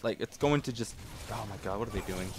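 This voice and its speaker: A young man commentating his own gameplay, excitable and casual, yelling at teammates and swearing, then calmly explaining strategy. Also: on the low side, quick pace.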